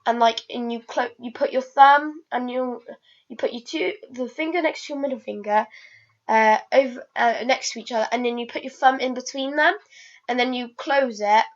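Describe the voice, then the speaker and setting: This vlogger, a woman whose voice sits fairly high, chats casually at a moderate pace over muffled, lo-fi audio. She meanders and hesitates, often breaking off to start sentences over, with frequent ums and uhs.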